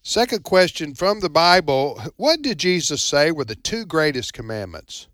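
A man's voice: a little high, sing-song, moderate pace, a bit bright, no room sound, clean studio sound. A man hosting a radio call-in trivia show, chatting in a casual, rambling, folksy way. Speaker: radio talk show host. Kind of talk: casual call-in quiz chat.

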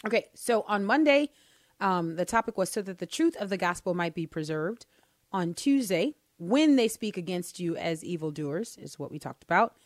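A woman's voice: lowish voice, expressive, normal speed, no echo. Emphatic woman radio co-host, dry studio sound. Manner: emphatic, repeats words when worked up. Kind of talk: casual talk radio chat.

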